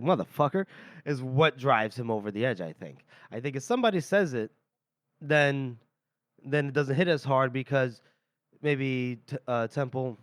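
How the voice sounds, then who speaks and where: Smooth-voiced man co-hosting a book podcast. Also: mid-range voice, dry recording, clean studio sound. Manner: animated retelling with acted-out quotes and laughter. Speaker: podcast co-host. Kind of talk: casual book discussion.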